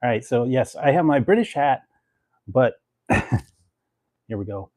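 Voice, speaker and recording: A man's voice: medium pitch, lively intonation, unhurried, darkish tone, dry recording, studio quality. A man chatting casually to his viewers as a food review vlogger, rambling with lots of fillers and laughing often between phrases. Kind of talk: casual chat to camera.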